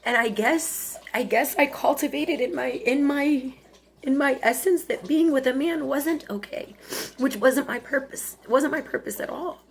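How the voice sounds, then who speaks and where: A woman in her forties talking to camera in a personal confessional monologue, emotional and tearful, halting and restarting often. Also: high voice, slight background noise. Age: 40s. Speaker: vlogger.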